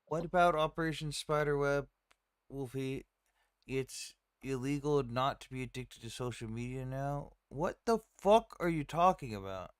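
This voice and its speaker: A man's voice: medium pitch, expressive, normal speed, smooth, no echo. Livestream host, male, blunt and sweary, dry close sound. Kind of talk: casual chat.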